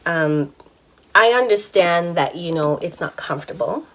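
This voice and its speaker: A woman's voice: on the low side, animated, unhurried. A woman in her thirties telling a personal story in a candid, chatty vlog, laughing now and then. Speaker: vlogger.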